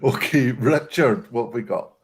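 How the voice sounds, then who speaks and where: A man's voice: mid-range voice, moderate pace, husky. A British man hosting an online pun contest, announcing scores and calling on players in a jokey, casual way. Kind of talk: casual online comedy chat.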